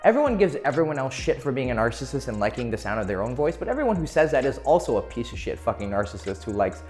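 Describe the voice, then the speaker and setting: A man's voice: mid-range voice, big pitch swings, quick pace, darkish tone, faint music behind. A man giving casual dating advice to camera, swearing freely and playfully shifting his tone to demonstrate. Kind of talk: casual advice monologue for video.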